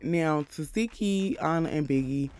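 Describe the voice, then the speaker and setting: A man's voice: on the high side, expressive, measured pace, darkish tone, clear, resonant tone, no room sound. A man casually recapping a reality show, bluntly and with jokes, acting out the cast members' lines. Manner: blunt, profane, joking asides.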